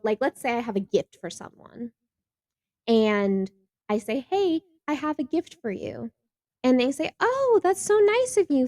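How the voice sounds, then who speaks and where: A woman's voice: mid-range voice, dry recording, clean studio sound. A woman hosting a reaction video in a casual, chatty way, laughing often and acting out quoted lines.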